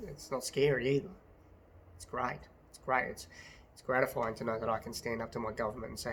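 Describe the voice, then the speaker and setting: A man's voice: mid-range voice, level tone, moderate pace, fairly bright tone, a little hiss or hum. An Australian man, a business owner, ranting to his phone camera in a passionate, blunt way, swearing and repeating himself. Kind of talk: casual to-camera rant.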